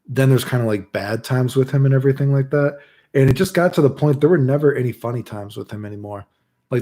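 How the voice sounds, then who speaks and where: A man's voice: medium pitch, mellow. A man streaming and telling stories in casual chat, rambling loosely and saying "dude" all the time. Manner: rambling, says "dude" constantly; loose, laid-back delivery with restarts.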